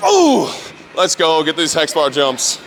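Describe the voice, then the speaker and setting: A man's voice: a little high, brisk, a bit bright, a little hiss or hum. A young man filming a gym training vlog as a strength coach, hyped and talking between lifts, often swearing.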